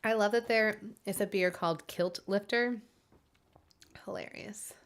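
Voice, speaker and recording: A woman's voice: mid-range voice, fairly even intonation, normal speed, clear, resonant tone. A woman hosting her own live music stream, chatting casually with viewers, giggly and full of fillers.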